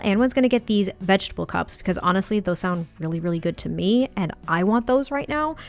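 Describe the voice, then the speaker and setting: A woman doing let's play commentary on a life-sim game, animated and dramatic in her reactions. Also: medium pitch. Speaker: gaming YouTuber.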